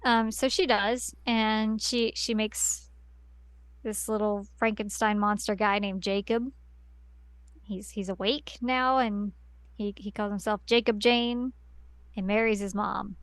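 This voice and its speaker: Smooth-voiced woman rambling through a recap. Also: mid-range voice, steady tone, takes it slowly, dry recording. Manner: rambling plot recap with many fillers. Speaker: podcast co-host. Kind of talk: casual chat.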